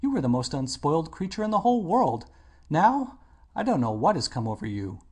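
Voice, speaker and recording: Earnest older male painter, a male reader's character voice, husky, lively pitch, pleading and reproachful. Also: brisk. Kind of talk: audiobook character voice.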